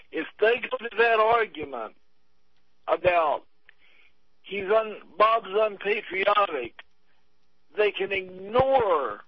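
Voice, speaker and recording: A man talking on a radio show, earnest and frustrated, pausing often with hesitations. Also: sits high, no room sound, dull audio. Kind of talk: talk radio chat.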